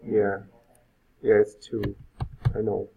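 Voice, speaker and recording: A man's voice: fairly low pitch, completely flat delivery, slow pace, vocal fry, background noise. Man teaching code over a tinny line. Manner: informal, thinks aloud with fillers. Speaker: web instructor. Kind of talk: live coding lecture. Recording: phone-like lo-fi sound.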